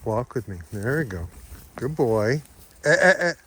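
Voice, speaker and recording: A middle-aged man who ministers at a farm church chats casually on a windy farm, cooing at his animals in high baby talk. His intonation is lively, his pace unhurried, and his voice a bit bright.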